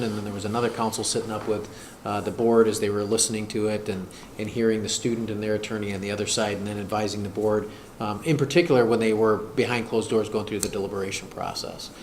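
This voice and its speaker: A man speaking as a school district administrator at a board work session, talking hesitantly with many fillers and restarts. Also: lowish voice. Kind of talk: meeting discussion. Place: school board meeting room. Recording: echoey room, noisy, far mic.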